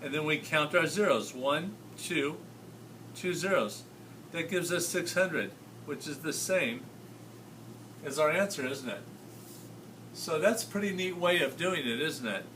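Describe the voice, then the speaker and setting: A man's voice: fairly high pitch, expressive, unhurried, pauses often, pushed and bright, recorded from a distance, slight background noise. A man teaching a math lesson, explaining patiently and often checking whether his students follow. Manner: patient, checks understanding with tag questions.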